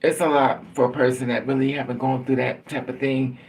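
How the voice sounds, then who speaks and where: Man, gravelly voice, rambling and chuckling, casual live-stream storytelling, mic set away from him. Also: mid-range voice, level tone, fairly quick, a little mellow. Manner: rambling, chuckling, restarting phrases. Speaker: livestream host. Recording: distant mic.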